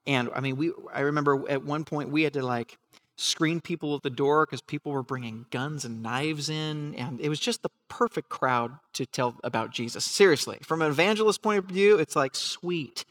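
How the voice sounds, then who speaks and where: A man telling a personal story in a sermon, earnest and halting, with many restarts, and dropping to a soft voice when he quotes others. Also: fairly high pitch. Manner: earnest, halting with restarts and fillers, laughs at himself; acts out remembered voices softly.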